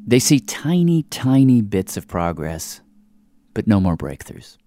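A man's voice: lowish voice, big pitch swings, unhurried, warm tone. A male host who narrates the story and interviews his guests.

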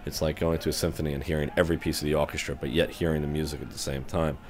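A man floor trader in a documentary interview, telling stories about the floor in a brisk, reflective way. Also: rumbling low, level tone, a little mellow. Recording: faint trading-floor noise.

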